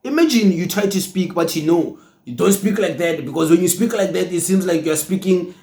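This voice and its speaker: A South African man with a fairly high voice delivers political commentary. He talks emphatically and with animation, repeating himself for effect. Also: fairly quick. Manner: animated, emphatic, mimics others mockingly.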